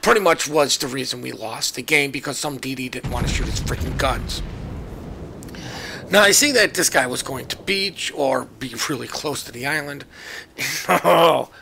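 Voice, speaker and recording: A man's voice: mid-range voice, expressive, moderate pace, creaky, noisy background. A man giving casual, joking commentary over his own naval battle game footage, chatty and self-mocking. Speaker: gameplay commentator.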